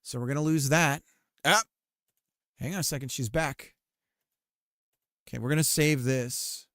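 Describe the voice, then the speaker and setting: A man streaming while he works on a game, chatting casually, rambling with fillers and cursing at his software. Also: medium pitch, steady tone, normal speed, no echo, studio quality. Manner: rambling and self-deprecating, swears often, many fillers. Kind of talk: casual live-stream chat while working.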